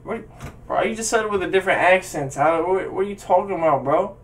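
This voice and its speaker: Excitable man reacting on a webcam. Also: sits high, fast talker, recorded from a distance. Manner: hyped, rambling, talks over the song. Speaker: music reaction host. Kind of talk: casual reaction chat.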